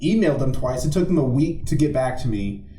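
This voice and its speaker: A man's voice: mid-range voice, animated, fairly quick, warm tone. Joking, swearing young man in a roomy podcast room. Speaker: podcast co-host. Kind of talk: casual podcast banter. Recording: roomy echo.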